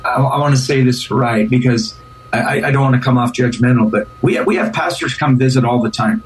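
A man's voice: medium pitch, far from the mic, slight background noise, low-quality recording. A man who is a pastor, speaking as a guest in an earnest, casual interview, often repeating and restarting words.

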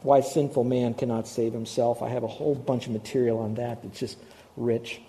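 A middle-aged man preaching a sermon as pastor, animated and repeating words for emphasis. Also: mid-range voice, normal speed. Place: church in Hawaii.

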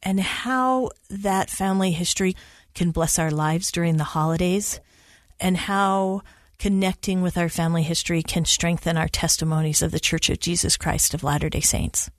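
A woman hosting a podcast, asking her guest a closing question and reading the sign-off in a measured, polished way. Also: on the low side, fairly even intonation, dry recording, clean studio sound. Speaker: podcast host. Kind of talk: podcast interview and outro.

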